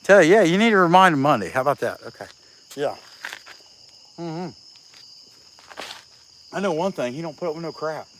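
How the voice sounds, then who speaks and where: A man's voice: on the high side, animated, normal speed, pauses often, a bit bright, a little hiss or hum, low-quality recording. A man from Southeast Ohio with a country Appalachian-leaning accent, chatting casually and joking with viewers while he works outdoors. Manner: folksy, joking, reads out viewer names. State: out of breath. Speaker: chainsaw carver livestreaming. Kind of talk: casual livestream chat while working. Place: outdoors at a rural carving spot.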